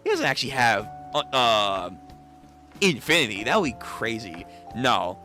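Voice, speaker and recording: A man reacting out loud during a casual comic read-through, swinging his pitch all over as he exclaims in disbelief and swears freely. His voice is bright and forceful and sits a little high. Soft music plays faintly underneath. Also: sing-song, normal speed.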